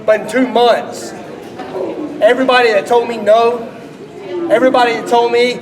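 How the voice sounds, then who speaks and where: High-voiced wrestler doing a slow earnest promo, far from the mic, crowd behind. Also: male voice, fairly even intonation. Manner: slow, deliberate, earnest delivery. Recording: distant mic in a reverberant hall with a crowd.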